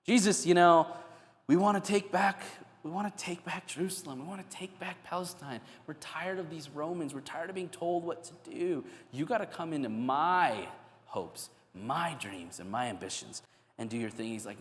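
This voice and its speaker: A pastor delivers a sermon in a slightly higher-than-usual man's voice, and the sound carries a long reverb from the church sanctuary. He speaks conversationally and voices back-and-forth dialogue with Jesus. The effect is casual preaching rather than a formal address. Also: animated, normal speed, slight background noise.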